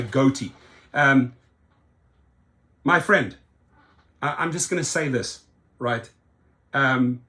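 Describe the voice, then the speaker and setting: A South African man hosts a rideshare channel, offering emphatic opinion commentary and often ending his points with "right?". His voice is medium-pitched with a fairly bright tone.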